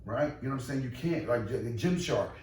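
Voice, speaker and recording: A man who owns and runs a boxing gym, talking casually in a podcast interview, emphatic and animated with many repeated restarts. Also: medium pitch, fast. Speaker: boxing gym owner and trainer. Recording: echoey room, distant mic, faint noise.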